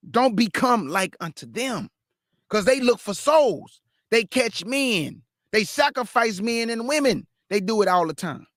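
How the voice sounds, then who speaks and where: Man, very high voice, scripture teaching, emphatic, questioning, dry close sound. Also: animated, fairly bright tone, dry recording. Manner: reads verse then stops to question it aloud; emphatic, drawn-out phrasing. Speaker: Bible teacher. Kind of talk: street-style scripture teaching.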